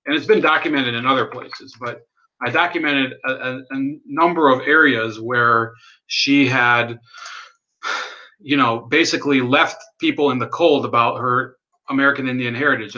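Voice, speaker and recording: A man's voice: medium pitch, bright, forceful tone, highs cut off. A man hosting a political livestream, rambling and sardonic, swearing and reading out chat messages. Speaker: livestream host. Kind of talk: casual political livestream commentary.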